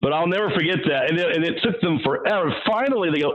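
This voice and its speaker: Lively man telling stories. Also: fairly high pitch, fast. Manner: animated, acts out quotes, frequent restarts. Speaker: guest. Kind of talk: casual storytelling interview. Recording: muffled lo-fi audio.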